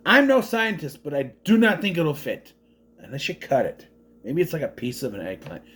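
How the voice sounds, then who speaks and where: A man's voice: a little high, sing-song, moderate pace, a bit bright. A man from southern Minnesota giving a casual, rambling movie review with joking asides.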